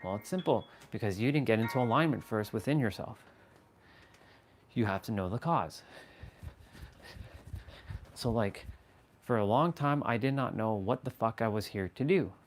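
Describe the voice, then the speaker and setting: A man's voice: fairly low pitch, normal speed, long pauses, a little hiss or hum. Emphatic man giving a motivational talk. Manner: playful, mock-scolding asides to chat, emphatic repetition; swearing casually. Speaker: motivational live streamer.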